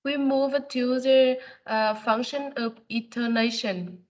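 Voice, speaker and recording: Slow, hesitant Vietnamese woman student. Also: a little high, fairly even intonation, darkish tone, highs cut off. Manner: hesitant, with fillers. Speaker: student presenter. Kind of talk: reading class presentation.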